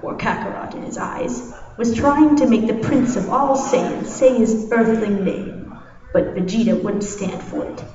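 A woman volunteer reading a story aloud dramatically at a live event, animated and giggly. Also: a little high, a little slow. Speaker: audience volunteer reader. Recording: echoey hall from far off, dull.

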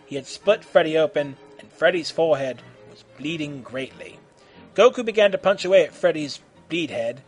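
A man reading a fan fiction story aloud in an animated way, acting out the shouted voices. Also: a little high, breathy edge.

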